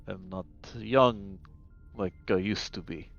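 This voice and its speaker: A man voicing a weary older back-alley doctor who speaks in a low, muted, guarded way. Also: fairly even intonation, slow pace, creaky, faint music behind, full character voice. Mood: grim. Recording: muffled lo-fi mic.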